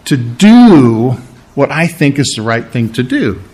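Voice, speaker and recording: A man preaching with a middle-pitched voice that leaps high when he acts out scenes and sinks low and soft for tender words. His sermon delivery is animated and personal, moving between lively storytelling and quiet emphasis. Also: slow pace.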